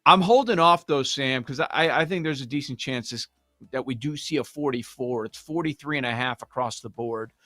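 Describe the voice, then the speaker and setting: A man hosting a sports betting show, talking casually and thinking out loud with restarts. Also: medium pitch, fairly quick, dry recording, clean studio sound.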